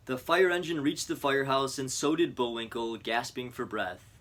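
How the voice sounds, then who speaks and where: A man, a teacher, reading a children's picture book aloud to his students in an expressive storytelling voice. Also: mid-range voice, moderate pace.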